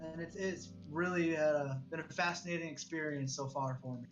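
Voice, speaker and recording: A man's voice: fairly high pitch, normal speed. A man in his thirties, a guest author, talking politely and thoughtfully in a casual livestream chat, sometimes hesitating. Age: 30s. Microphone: remote call over stream. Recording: dull lo-fi remote call audio with faint music.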